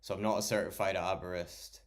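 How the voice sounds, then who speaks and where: A streamer man with a very low voice, chatting loosely with his viewers late at night. He swears constantly and addresses chatters by name, rambling from one thought to the next. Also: level tone, fairly quick. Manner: swears a lot, chatty, talks to chat by name. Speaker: livestreamer.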